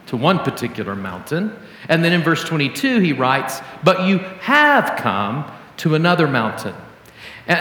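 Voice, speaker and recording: A male pastor preaching a sermon in an earnest teaching manner, slowing down to stress key words. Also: fairly high pitch, a bit bright. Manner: earnest teaching, slows for emphasis. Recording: roomy hall with long reverb.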